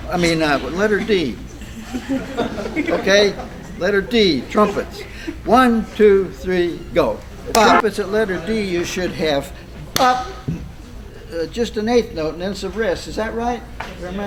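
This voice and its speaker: A man's voice: high-pitched, background noise. A man conducting a band rehearsal, counting off beats, scatting rhythms and making fussy, precise corrections. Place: rehearsal room with band playing. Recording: loud band music behind.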